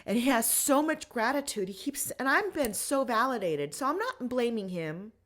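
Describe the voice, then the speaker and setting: A woman's voice: fairly high pitch, expressive, a bit bright. A woman hosting a podcast, telling a personal story in a candid, emotional way. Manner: candid and emotional, with pace swinging between rushed and slow. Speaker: podcast host.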